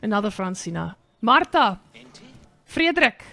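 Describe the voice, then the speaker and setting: A woman's voice: mid-range voice, sing-song, normal speed, creaky, pushed and bright, dry recording, full character voice. A woman doing a cocky South African caster. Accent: put-on South African. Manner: playful, jokey, mock-hyped cheering. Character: brash South African guy game caster. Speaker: esports caster. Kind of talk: live game commentary.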